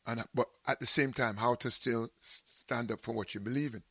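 A man with a Jamaican accent hosting a show in casual chat, telling animated stories and slipping into patois. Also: mid-range voice, brisk, breathy edge, no room sound. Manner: animated storyteller, slips into patois. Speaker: show host.

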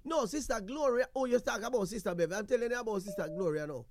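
A man's voice: very high-pitched, quick pace, a little hiss or hum. A man with a Jamaican accent hosting a call-in radio show, bantering in patois, laughing often and repeating himself. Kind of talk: casual call-in radio chat.

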